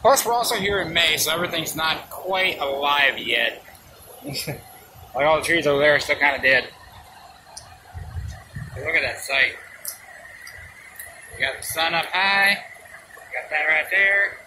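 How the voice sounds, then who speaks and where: A man's voice: fairly high pitch, unhurried, pauses often. Chatty man vlogging outdoors. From Kentucky, USA. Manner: chatty, self-deprecating, rambling. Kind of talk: casual travel vlog. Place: outdoors and in a car. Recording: loud outdoor and car noise.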